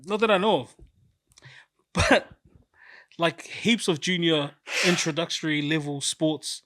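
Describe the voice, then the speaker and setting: A man's voice: fairly high pitch, slow pace, fairly bright tone, no room sound, clean studio sound. A man with a New Zealand accent, co-hosting a casual podcast chat, joking and teasing in banter. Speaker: podcast co-host.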